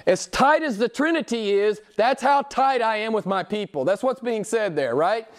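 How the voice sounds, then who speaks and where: A man's voice: animated, normal speed. Emphatic preaching man. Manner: emphatic, rising high when quoting others; asks the congregation questions. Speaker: pastor. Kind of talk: sermon.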